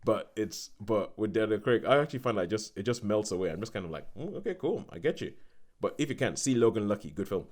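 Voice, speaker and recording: Low-voiced male podcast host. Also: fast, hardly any pauses, darkish tone. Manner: rambling, frequent restarts and laughs. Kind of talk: casual film chat.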